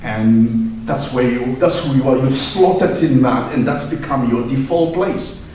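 A man preaching a sermon, swinging between impassioned proclaiming and quiet reflection. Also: medium pitch, a little slow, a little hiss or hum. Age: adult with a young son. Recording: echoey hall from far off, faint ambience.

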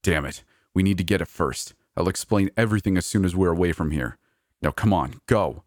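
A terse male manager in an audio story, issuing commands with quiet authority, voiced by a man reading all the parts. The voice sits deep and low. It is recorded dry, with no room sound. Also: fairly quick, dry recording, natural voice. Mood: urgent. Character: calm, urgent male manager protecting his coworker.

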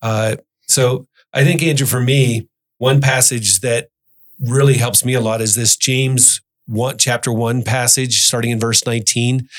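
Male podcast host with a mid-range voice, earnest, reads scripture aloud. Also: mid-range voice. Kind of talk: Bible study discussion.

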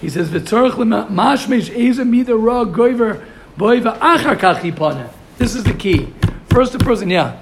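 A man's voice: high voice, expressive, normal speed. A man teaching a Torah class, asking rhetorical questions and mixing in Hebrew and Yiddish terms. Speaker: yeshiva teacher.

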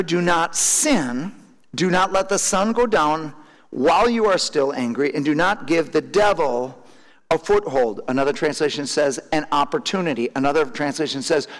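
A man's voice: fairly high pitch, big-room sound. A man preaching a sermon, often restarting and repeating his words as he explains a passage. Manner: halting, repeats words, laughs now and then.

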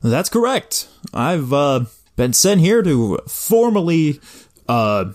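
A man playing a squire in a tabletop game, polite and a little halting. His voice sits a bit high and moves around a lot. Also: big pitch swings, darkish tone. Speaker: player voicing a squire. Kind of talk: tabletop role-play.

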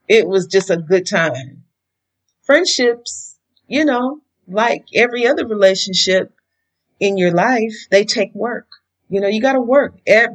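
A woman's voice: mid-range voice, poor audio. A woman giving friendship advice in a casual, conversational way, often saying "you know".

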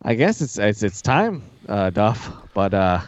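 A man's voice: on the low side, sing-song, a little slow, no echo, dull audio. A man appearing as a guest in scripted comedic radio banter, hesitant and full of fillers but reassuring.

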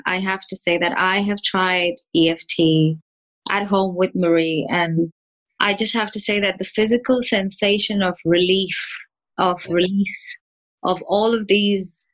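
A woman's voice: on the low side, low-quality recording. A woman hosting an interview, thanking her guest and encouraging listeners to try what they heard. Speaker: podcast host. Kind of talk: interview conversation.

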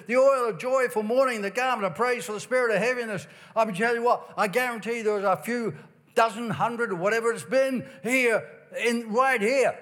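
Male preacher, high-pitched, emphatic sermon delivery with slow stressed words. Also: fairly bright tone. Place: church during revival meeting.

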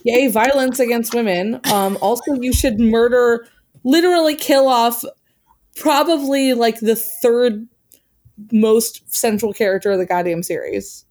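A woman co-hosting a podcast in casual chat, animated and exasperated, swearing freely. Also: on the high side, unhurried. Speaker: podcast co-host.

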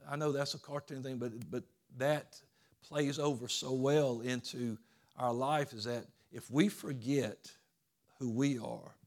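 Man preaching a casual, conversational sermon. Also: medium pitch. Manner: conversational storytelling, frequent restarts. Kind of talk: informal sermon.

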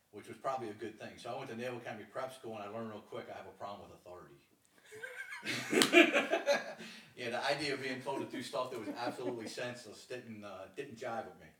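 Мужчина средних лет, живо рассказывает историю, гулкая комната. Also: male voice, fairly low pitch, recorded from a distance, slight background noise. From Maryland. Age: middle-aged. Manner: animated storyteller, acts out quoted voices. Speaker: lacrosse coach. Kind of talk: casual storytelling. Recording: roomy sound from off the mic.

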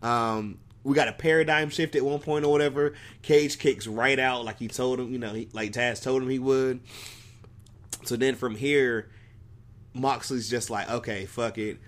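A man's voice: mid-range voice, fairly even intonation, normal speed, a bit bright. A man co-hosting a podcast, recapping wrestling in rambling casual chat, swearing and laughing often. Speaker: podcast co-host.

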